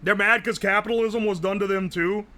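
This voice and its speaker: Excitable and freely swearing, a young man from the US rambles through a casual live-stream chat. He talks briskly in a high voice.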